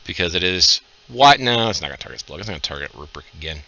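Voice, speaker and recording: A man's voice: deep voice, animated, fast, gravelly, sharp tone, muffled recording. A man running a tabletop game as dungeon master, narrating scenes and giving rulings. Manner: describes scenes and rulings, laughs along with players.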